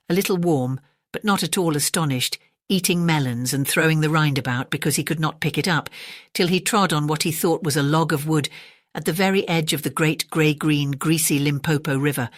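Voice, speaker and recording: A woman reading a bedtime story aloud in a calm, measured way, turning to the listener now and then. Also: deep voice, no room sound, clean studio sound.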